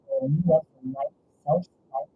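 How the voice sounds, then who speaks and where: A woman's voice: sits low, huge pitch swings, unhurried, faint music behind. A woman giving a live tarot reading, rambling and gushing with frequent exclamations of wonder. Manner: rambling, exclaims 'whoa' and 'wow' often; gushing, emotional. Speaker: tarot reader. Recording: slightly dull lo-fi audio with faint noise.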